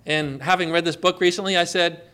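A man's voice: on the high side, fairly even intonation, fairly quick, bright, forceful tone, clear, resonant tone. A man from Connecticut giving a conversational sermon, telling stories and asking rhetorical questions. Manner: storytelling, full of rhetorical questions. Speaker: preacher.

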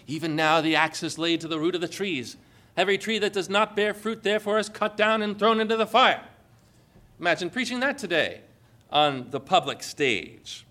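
A man preaching a sermon in a high, bright voice. He reads scripture with force and drops in sarcastic asides. His delivery stays bold and emphatic throughout. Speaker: pastor.

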